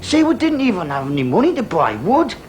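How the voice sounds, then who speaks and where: A man's voice: sits high, wildly swooping pitch, fairly quick, slight background noise, poor audio. A man playing a bouncy ten-year-old Geordie lad. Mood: wistful. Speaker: boy narrator of his own story. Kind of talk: stage play recording.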